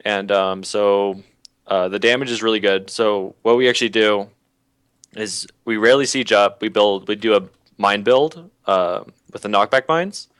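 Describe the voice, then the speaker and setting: A man being interviewed as a guest player, explaining tactics hesitantly with many pauses. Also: lowish voice, clean tone, no room sound. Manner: hesitant, many fillers, soft-spoken. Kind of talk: interview answers on strategy. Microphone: video call.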